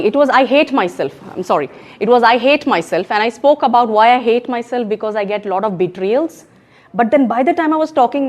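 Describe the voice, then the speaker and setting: A woman with a Pakistani accent giving an emphatic, animated talk on public speaking at a club meeting. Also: fairly high pitch. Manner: emphatic and animated, mixing in Urdu phrases. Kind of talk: education session talk. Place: meeting room in a co-working space.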